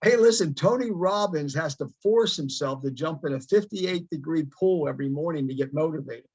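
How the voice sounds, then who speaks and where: A man's voice: fairly high pitch, normal speed, darkish tone, slightly rough, no room sound. Preachy man with dull dry sound. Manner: preachy, emphatic, uses metaphors. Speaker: veteran group member. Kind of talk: motivational remarks on a group call.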